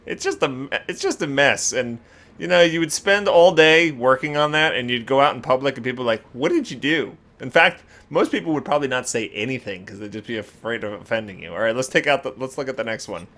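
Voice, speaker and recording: A man hosting a casual gaming video, reacting with animated exclamations and laughter. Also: medium pitch, fast. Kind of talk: casual game commentary.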